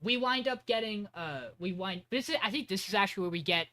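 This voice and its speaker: A young man on an anime podcast who rambles, swears freely and recaps an episode excitedly. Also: high voice, brisk. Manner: rambling, profane, excitable storytelling.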